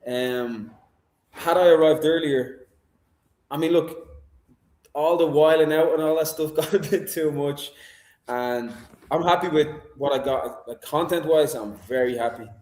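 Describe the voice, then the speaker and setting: A man's voice: fairly high pitch, unhurried, darkish tone. Young guy guesting over a video call, rambly and chatty, roomy echo on his mic. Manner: chatty, rambling, self-deprecating. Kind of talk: casual livestream chat. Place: indoor room.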